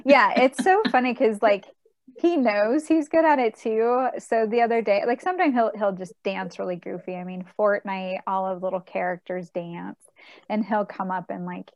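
A woman's voice: medium pitch, normal speed, dry recording. A woman co-hosting a casual chat, telling stories about her kids and laughing often. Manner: chatty storyteller, laughs often.

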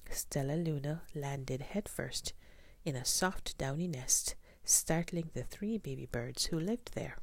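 A woman whispering a children's storybook aloud in a soft, gentle voice, as whispered role-play. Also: very deep voice, dry recording.

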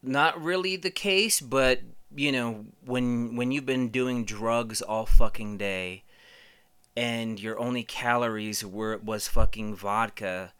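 Man telling stories in a bright voice. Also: mid-range voice, slow, clean tone. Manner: profane, rambling, many fillers. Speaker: podcast host. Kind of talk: casual storytelling.

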